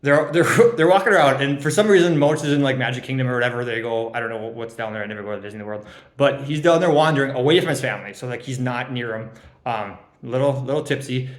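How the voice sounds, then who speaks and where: The roomy recording captures a young man speaking quickly in a mid-range voice. He jokingly roasts his fantasy league friends over their draft grades, rambling, teasing, saying um a lot, and laughing at his own lines.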